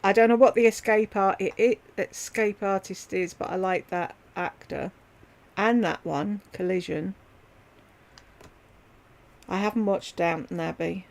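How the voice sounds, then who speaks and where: Rambling, gravelly-voiced woman chatting on a livestream. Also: mid-range voice, fairly even intonation, unhurried. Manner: rambling, chatty, talks straight to viewers by name. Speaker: livestream host chatting with viewers. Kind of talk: casual livestream chat.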